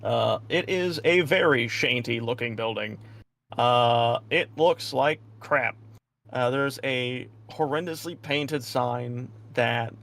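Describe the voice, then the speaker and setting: A man's voice: medium pitch, slow, creaky, fairly bright tone. A man narrating as game master of a tabletop game, describing scenes loosely with many fillers.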